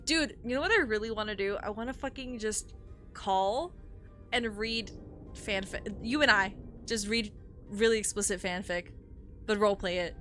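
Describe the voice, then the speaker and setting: A woman's voice: medium pitch, normal speed, fairly bright tone, soft background music. A young woman streaming a game, chatting casually with a friend and reading game text aloud, laughing often and swearing. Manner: giggly, swears, laughs hard.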